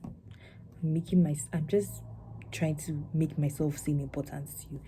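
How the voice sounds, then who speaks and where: A young woman poet talks a live audience through her poem. Her voice sits a little low and sounds mellow and warm. She speaks in a reflective, conversational way and now and then acts out other people's words in a brighter tone. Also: steady tone, unhurried, slight background noise. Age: young adult. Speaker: spoken word poet.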